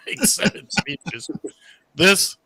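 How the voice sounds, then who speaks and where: A man's voice: on the high side, big pitch swings, drawn-out words, pushed and bright. A man from Long Island, co-hosting a casual political chat on the radio, blunt and opinionated. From Long Island, New York. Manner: blunt and opinionated, teasing the others. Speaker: radio show co-host.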